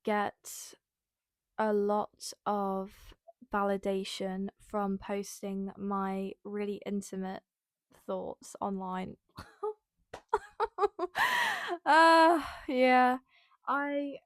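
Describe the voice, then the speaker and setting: A woman's voice: mid-range voice, drawn-out words, long pauses, dry recording, studio quality. A young woman, hosting a casual personal podcast, rambling with many fillers and near tears. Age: young adult. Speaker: podcast host.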